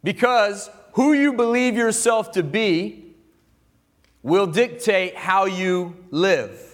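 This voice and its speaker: A man preaching a sermon to a congregation in an animated, joking way, having them repeat words back to him. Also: sits high, slow. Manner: calls for the audience to repeat words. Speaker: pastor. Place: church gathering room with listeners.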